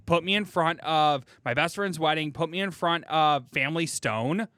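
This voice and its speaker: A man's voice: fairly high pitch, normal speed, fairly bright tone, smooth, no echo, studio quality. A young man hosting a casual podcast chat, laughing often and swearing freely. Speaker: podcast host.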